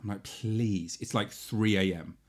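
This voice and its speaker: Animated man telling stories. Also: mid-range voice, fairly quick. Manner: rambling anecdotes, laughs often, quotes people in hushed voices. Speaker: podcast co-host. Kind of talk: casual chat, storytelling.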